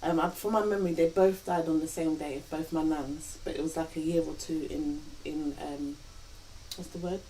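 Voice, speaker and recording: A woman tells a personal story in an earnest, reflective way, often voicing her own past thoughts. Her voice sits low and mellow. She sounds a little distant from the mic, with faint hiss behind her. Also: steady tone, moderate pace. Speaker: vlog co-host. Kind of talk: reflective couple chat.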